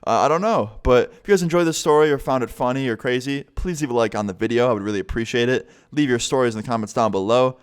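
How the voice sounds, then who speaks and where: A man's voice: medium pitch, quick pace, hardly any pauses, clear, resonant tone. A young man casually telling a story to his vlog audience, swearing freely and acting out what others said. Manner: casual, profane, animated retelling. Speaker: vlogger.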